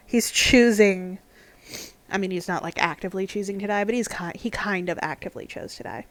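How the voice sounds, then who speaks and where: A woman's voice: medium pitch, normal speed, dry recording. A woman streaming a game live, chatting in a casual, openly emotional way, laughing often and apologizing for tearing up. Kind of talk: live-streamed gameplay commentary.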